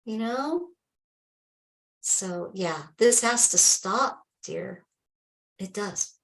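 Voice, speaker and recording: A woman's voice: mid-range voice, expressive, very slow, gravelly, low-quality recording. A woman talks straight to her live-stream viewers as a health coach, calling them by name. She is emphatic and chatty, full of exclamations, with remarks of faith mixed into her advice.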